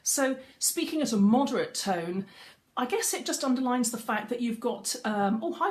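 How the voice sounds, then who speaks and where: A woman's voice: fairly high pitch, lively intonation, normal speed. Middle-aged lady coaching on a live stream, chatty, greets viewers as she talks. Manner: chatty, greets viewers mid-talk, frequent restarts. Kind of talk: facebook live coaching talk. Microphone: webcam or phone on a live stream.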